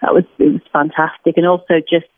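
A British woman in her thirties talks as a guest, lively and chatty. Her voice sits a little low. She comes through a thin, phone-like line with no room sound. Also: fairly quick, no echo. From Britain. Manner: chatty, animated storytelling with laughs. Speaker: podcast guest. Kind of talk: casual interview chat.

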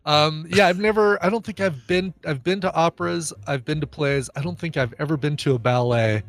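A man's voice: on the high side, fairly quick, dry recording. Male podcast co-host, playful teaser, dry close recording. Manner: playful teasing, silly sound effects. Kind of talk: casual chat.

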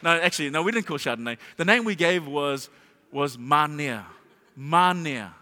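A middle-aged pastor preaching a sermon, telling a humorous story and asking the congregation rhetorical questions. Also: male voice, on the high side, lively intonation, normal speed, sharp tone. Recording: long hall reverb.

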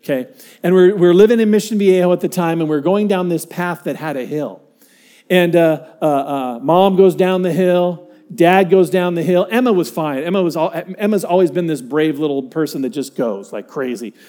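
A pastor with a fairly high but mellow voice preaches a sermon earnestly and dynamically. He drops to near-whispers, then rises to emphatic, drawn-out points, telling stories and acting out what people said.

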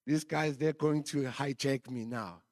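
A man's voice: mid-range voice, unhurried, a little mellow, no echo, studio quality. A man preaching a sermon, telling a personal story and chuckling often.

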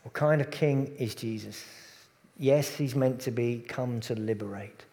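A man preaching a sermon in a conversational way, sometimes dropping to a soft, hushed voice on tender points. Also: medium pitch, a little slow, big-room sound.

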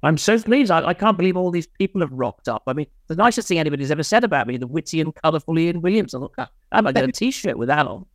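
A man's voice: a little high, expressive, fast, few pauses, no room sound, studio quality. A man, a podcast guest, chatting casually and telling rambling, self-mocking stories with many restarts. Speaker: podcast guest, insolvency consultant. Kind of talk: casual storytelling chat.

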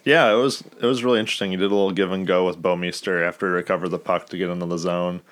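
A man's voice: deep voice, fairly even intonation, rapid-fire, fairly bright tone. A man co-hosting a casual sports podcast, making short wry remarks and laughing often. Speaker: podcast co-host.

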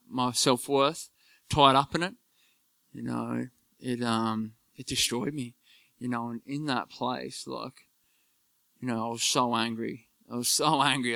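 A man giving an earnest personal faith testimony, halting and full of fillers. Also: medium pitch, vocal fry, bright, forceful tone, clear, resonant tone, dry recording. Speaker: church member giving testimony.

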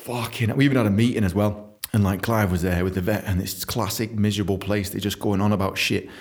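A young man tells workplace stories in a loose, swearing monologue. He is animated and often laughs. He slips into quick voices for the people he describes. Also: lowish voice. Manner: animated, profane, laughing, mimics others in quotes. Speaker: podcast host telling stories from his book. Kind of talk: casual storytelling monologue.

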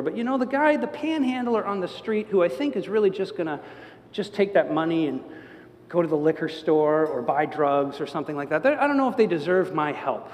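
An older man preaching a sermon in a church, telling stories with lively energy and acting out the quotes. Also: high-pitched, fairly quick. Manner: animated storytelling, acts out quotes. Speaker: pastor. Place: church sanctuary. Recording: long church reverb.

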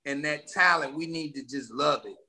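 D.C.-male rapper guest, bright and forceful, animated storyteller. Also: a little high, normal speed. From Washington, D.C. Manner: animated, streetwise storytelling with slang. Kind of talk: casual podcast interview.

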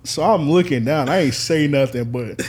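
A man's voice: on the high side, normal speed, slightly rough. A man co-hosting a podcast in casual chat, telling stories with lots of laughter and acted-out quotes. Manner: animated storytelling, laughs often, acts out quotes. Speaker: podcast co-host.

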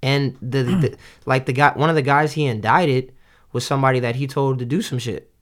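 A man in easy podcast banter, his voice sitting at an ordinary middle pitch. He talks loosely and swears freely, with slangy phrasing and plenty of restarts. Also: steady tone, moderate pace, fairly bright tone. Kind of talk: casual chat.

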